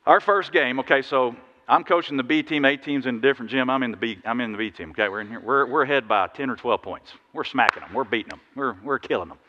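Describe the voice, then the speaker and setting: A man preaching a sermon, telling stories in a lively, animated way with sudden loud bursts. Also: medium pitch, fast talker. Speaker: pastor. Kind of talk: sermon with storytelling. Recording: dull sound in a big reverberant hall.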